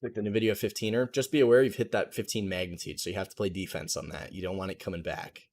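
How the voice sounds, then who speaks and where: A young man with a somewhat low voice runs a live trading stream from his desk. He talks loosely and thinks aloud, full of market jargon, into a desk mic. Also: fairly even intonation, quick pace, darkish tone. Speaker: trading livestream host. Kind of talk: casual live market commentary.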